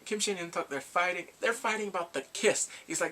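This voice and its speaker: Male vlogger, slightly higher voice, bright and forceful, lively storyteller, faint room hum. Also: brisk. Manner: animated storyteller, acts out reactions with gasps and laughs. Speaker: K-drama reviewer. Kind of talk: casual recap vlog.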